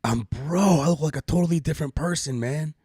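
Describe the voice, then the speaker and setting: A man's voice: fairly high pitch, fairly quick, warm tone, husky, dry recording, studio quality. A middle-aged man hosting a casual live-stream podcast, joking around in loose, profane banter. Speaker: podcast host.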